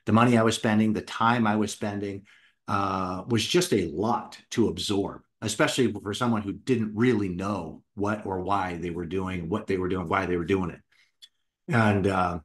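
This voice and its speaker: A middle-aged man with a slightly low voice tells his own story. He talks in an animated way and acts out the words he said back then. He is an author of children's books. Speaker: children's book author and founder. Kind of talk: personal storytelling talk.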